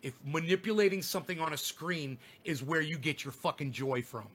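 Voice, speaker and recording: A man's voice: fairly high pitch, fairly quick, a bit bright, husky. A man delivering an angry, profane livestream rant, berating his audience in a confrontational way. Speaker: streamer. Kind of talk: ranting livestream monologue.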